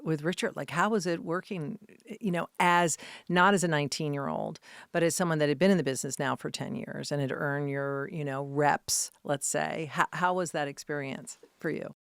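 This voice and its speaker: Woman, interview host, very low pitch, smooth resonant voice, enthusiastic. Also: no echo, studio quality. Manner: enthusiastic, quick back-channel replies. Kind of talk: casual interview chat.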